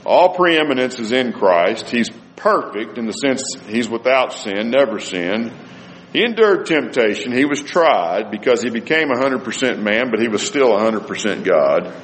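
A man delivers a sermon, reading long scripture passages aloud and stressing key words. His voice rises and falls in wide, lively swings. It carries through a reverberant hall over a faint hum of ambience. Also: medium pitch, normal speed. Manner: reads scripture aloud, rising and falling emphasis. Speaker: preacher.

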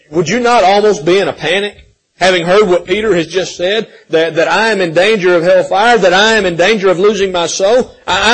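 High-voiced impassioned male preacher. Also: poor audio. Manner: impassioned, rising and falling between loud pleading and hushed softness; repeats words and restarts, addresses listeners as friends. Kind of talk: sermon.

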